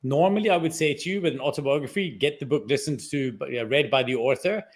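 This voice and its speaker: A male author interviewed on a radio show, making his points in a direct, opinionated way. His voice sits at an ordinary mid pitch, plain and conversational. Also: quick pace. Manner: opinionated, argumentative. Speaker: author, guest. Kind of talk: casual interview chat.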